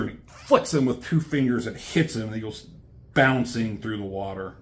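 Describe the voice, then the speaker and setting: A man's voice: lowish voice, moderate pace. A man casually reviewing a comic book, rambling loosely with fillers and the odd curse word.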